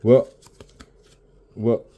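In very slow speech, a sleep-deprived young vlogger mumbles and swears constantly as he opens baseball card packs in his home office and comments casually. The audio is narrow and tinny, with slight background noise.

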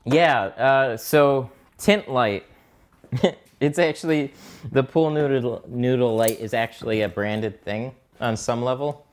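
This man's voice sits at medium pitch, and he speaks slowly. He's a mobile window tint installer on a live stream, chatting casually and swearing a bit as he works and searches for his tools, sounding distracted.

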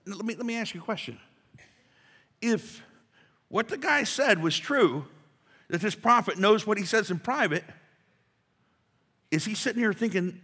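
A pastor delivering a sermon in a conversational way, building to emphatic rhetorical questions. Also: male voice, high voice, big pitch swings, moderate pace, pauses often, pushed and bright, slightly rough. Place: church sanctuary. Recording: long hall reverb.

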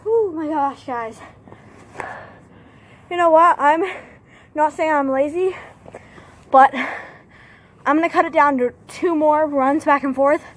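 A woman's voice: sits high, slow, pauses often, slight background noise. A young woman vlogging outdoors between running laps, out of breath and chatting to her viewers. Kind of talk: casual vlog chat while exercising. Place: outdoors at grandma's house.

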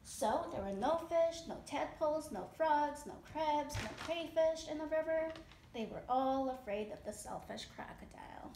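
A mother reads a children's picture book aloud in a high, bright voice at a measured pace, lifting each sentence with animated expression. The recording was made at home in an echoey room, with a faint hiss in the background.

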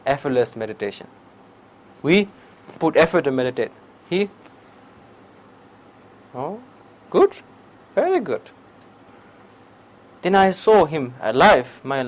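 Tibetan accent guy teaching meditation to a crowd, kinda high voice, broken english, lotsa "okay?". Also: a little slow, pauses often, rough recording. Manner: broken English, lively storytelling, frequent "okay?". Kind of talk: public dharma talk with questions. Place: lecture hall.

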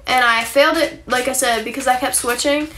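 A woman's voice: sits high, steady tone, brisk, fairly bright tone, a little hiss or hum. A young woman chatting casually on a phone livestream, rambling with lots of likes and ums and casual swearing.

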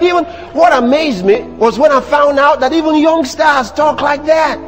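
A man with a Nigerian accent preaching a sermon in church, animated and teasing the congregation. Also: very high voice, moderate pace, big-room sound. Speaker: pastor. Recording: music playing behind the sermon.

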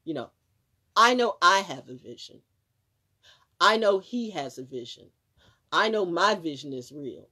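A woman's voice: lowish voice, expressive, a little slow, long pauses, bright, forceful tone, husky. A woman hosting a live stream, talking casually in a rambling, emphatic way with frequent swearing and restarts. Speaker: livestream host.

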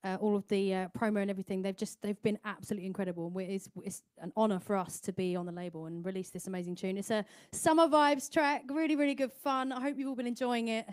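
A woman's voice: mid-range voice, steady tone, fast talker, few pauses, darkish tone, clear, resonant tone. A woman singer co-hosting a livestream, chatting in a bubbly, upbeat way. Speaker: singer and co-host. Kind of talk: casual livestream chat.

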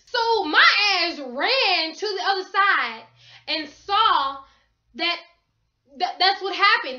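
High, bright young woman vlogger. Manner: emphatic, swears freely. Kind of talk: story-time vlog. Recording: roomy, dull lo-fi sound.

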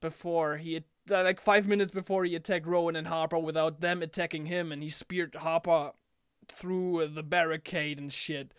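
Excitable young man with a high, clear voice. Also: moderate pace, no room sound, studio quality. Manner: animated, mimics wrestlers in quotes. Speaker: wrestling fan vlogger. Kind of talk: casual rant vlog.

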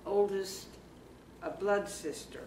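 A woman in her eighties from Iowa, reminiscing slowly and haltingly in an oral history interview held in a library community room. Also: medium pitch, warm tone. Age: 80s. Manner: slow, halting reminiscing with fillers. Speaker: interviewee, former circus performer. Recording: roomy, distant mic, faint background noise.

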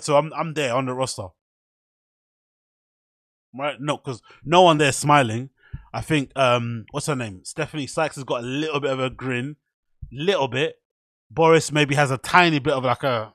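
A man's voice: mid-range voice, a bit bright, no room sound, studio quality. A man hosting a casual solo podcast, chatty and self-mocking. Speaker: podcast host.

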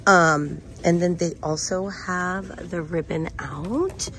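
Middle-aged woman vlogger, gushing and excitable, lowish voice, unhurried. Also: a little hiss or hum. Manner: gushing, excitable, gasps and squeals. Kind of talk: shop-with-me vlog. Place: inside a store.

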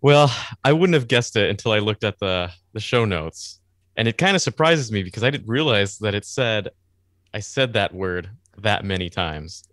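Male podcast co-host, lowish voice, relaxed, dry close-mic sound. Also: moderate pace, dry recording. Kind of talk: casual podcast discussion.

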